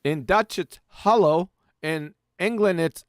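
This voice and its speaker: Brash high-voiced man hosting a panel. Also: unhurried, smooth, no room sound, studio quality. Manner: brash, mocking, swears freely. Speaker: host. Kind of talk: casual online panel chat.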